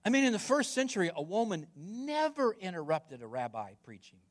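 A man's voice: high voice, big pitch swings, fairly quick. A man preaching a sermon as pastor, emphatic, repeating words and putting questions to the congregation.

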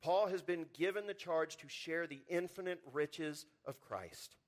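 Male pastor, sermon delivery, slightly high voice, lively swings from loud to hushed, repeats words at starts. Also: a little slow. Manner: animated preaching, swings from loud emphasis to quiet low lines.

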